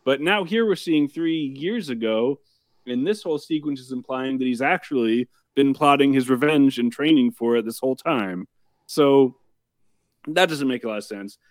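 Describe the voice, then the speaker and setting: Podcast host, male, deadpan recap delivery, dry close mic, mid-pitched. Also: moderate pace, no echo. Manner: wry, deadpan summarizing with profanity. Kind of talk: casual episode recap.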